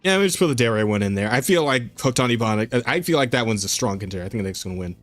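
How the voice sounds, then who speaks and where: A man's voice: medium pitch, animated, rapid-fire, a bit bright, no room sound, faint music behind. A man co-hosting a podcast in loose, joking chat. He laughs often and stumbles over his words. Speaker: podcast co-host.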